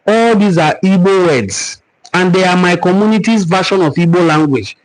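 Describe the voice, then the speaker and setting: Hosting a cultural forum, a man with a Nigerian accent teaches on a live stream and answers viewer comments in an earnest, preaching manner, repeating words for emphasis. His voice sits high at a moderate pace, and the recording is low quality.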